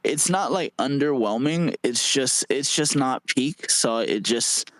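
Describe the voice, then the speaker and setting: A man's voice: mid-range voice, expressive, slow pace, fairly bright tone, dry recording, low-quality recording. A man guesting on a casual podcast, rambling and hesitant, repeating words as he thinks aloud. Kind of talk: casual chat.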